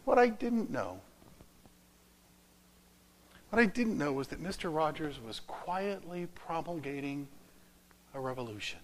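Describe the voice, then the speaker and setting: A man preaching a sermon through a story, rising loud and then dropping to a whisper. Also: a little high, very animated, normal speed, slight background noise, poor audio. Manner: dramatic, swinging from loud to whispered.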